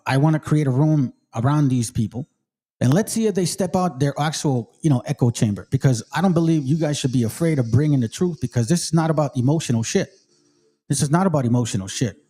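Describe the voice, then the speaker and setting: A man's voice: a little high, warm tone. A middle-aged man from Mexico, hosting a channel and commenting emphatically on a played debate clip in a casual, preachy street manner. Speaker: channel host.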